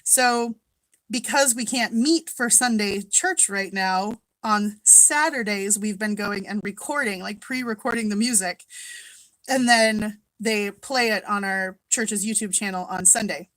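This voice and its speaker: A woman's voice: medium pitch, a little slow, fairly bright tone, no echo, poor audio. A woman from Minnesota hosting a casual live-stream chat from home, greeting viewers by name and laughing often.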